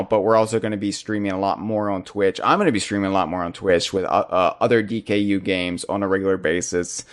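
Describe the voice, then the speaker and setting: Podcast host, male, lowish voice, joking banter, quick bursts. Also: smooth. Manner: jokey, animated, fast bursts.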